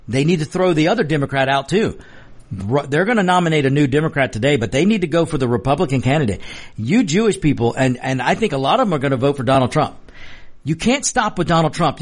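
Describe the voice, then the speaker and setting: A man hosting a political talk show, delivering heated, emphatic commentary and repeating his points, hoarse and losing his voice. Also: mid-range voice.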